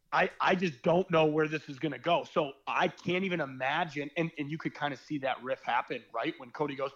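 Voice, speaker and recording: A man's voice: fairly high pitch, a little fast, hardly any pauses, a bit bright, husky, highs cut off. A young man, a podcast guest, telling stories in a candid, rambling way with slang and the odd swear word. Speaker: podcast guest, former reality show contestant. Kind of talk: casual podcast chat.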